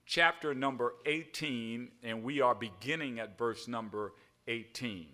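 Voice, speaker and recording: An older man with a drawl delivers an evening sermon. He is folksy and conversational, spells out words and checks in with the congregation. His voice is bright and forceful, at a middle pitch. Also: a little slow. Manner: folksy, repeats "all right", spells words out, calls and response. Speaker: pastor.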